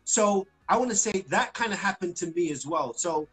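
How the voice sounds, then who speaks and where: A chatty man with a high, bright voice tells stories over a video call, laughing often and doubling back on his phrases. Faint music sits behind him. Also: lively intonation, normal speed, rough recording. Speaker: singer, interview guest. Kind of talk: casual interview over a live stream.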